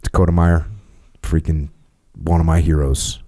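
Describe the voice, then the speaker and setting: A man's voice: extremely low pitch, level tone, normal speed, warm tone. A man hosting a podcast, talking bluntly and casually, reading sponsor plugs and teasing his guest. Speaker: podcast host. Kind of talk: casual podcast chat with ad reads.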